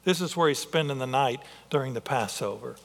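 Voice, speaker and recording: A man's voice: mid-range voice, a little fast, creaky. A man preaching a sermon as a pastor, earnest in manner, often restarting his sentences as he thinks aloud. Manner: earnest, with frequent restarts and filler. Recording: reverberant hall.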